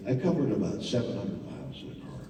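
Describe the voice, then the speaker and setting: A man giving a theatrical live monologue, swinging from hushed murmurs to loud outbursts, with halting repetitions. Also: fairly low pitch, expressive. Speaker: stage performer telling a personal story. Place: large theater. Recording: echoey hall, mic far off.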